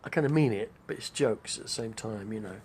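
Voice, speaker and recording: Older guy, gravelly voice, rambling live-stream host. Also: fairly low pitch, a little fast, darkish tone, a little hiss or hum. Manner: chatty, digressive, name-dropping. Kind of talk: rambling casual monologue.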